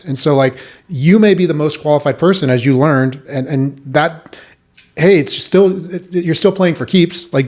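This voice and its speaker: A man in his thirties hosting a podcast, chatting casually and telling his own army stories with animated retellings. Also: on the high side. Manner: animated, acts out quoted voices. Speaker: podcast host. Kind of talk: casual conversational interview.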